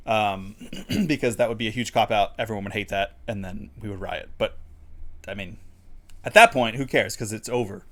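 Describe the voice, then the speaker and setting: A man co-hosts a livestreamed talk show on a studio mic, his lowish, slightly bright voice moving at a normal speed. He rambles through casual chat, laughing often and using plenty of fillers.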